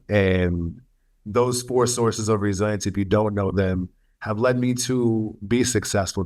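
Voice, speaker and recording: A man sharing his life story as a webinar speaker, earnest and emotional, with halting pauses and fillers. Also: lowish voice. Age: adult, studying for a master's. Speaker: webinar speaker, youth mentor.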